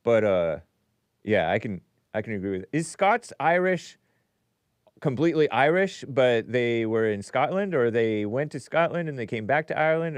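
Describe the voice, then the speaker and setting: A man's voice: mid-range voice, no room sound, clean studio sound. A middle-aged man hosting a call-in show, chatty and curious, asking his caller lots of questions. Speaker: host. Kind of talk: casual call-in chat.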